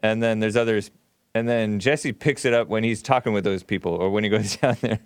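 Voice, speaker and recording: A man's voice: fairly low pitch, fairly quick, clean tone, no echo, clean studio sound. A man hosting a call-in talk show, chatting easily and laughing now and then. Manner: easygoing, chatty, laughs often. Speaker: radio talk show host.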